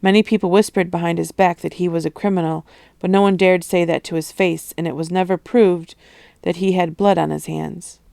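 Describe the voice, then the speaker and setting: A woman reading a novel aloud in a steady, expressive storytelling manner. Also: fairly low pitch, a little fast, creaky, no echo, clean studio sound. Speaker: audiobook reader.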